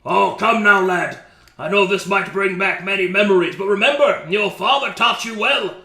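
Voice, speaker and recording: A man voicing Mon Mon, a boisterous, hearty trainer of recruits who speaks loudly and theatrically in a tabletop game. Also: high-pitched, moderate pace, echoey room. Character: boisterous jolly male warrior trainer.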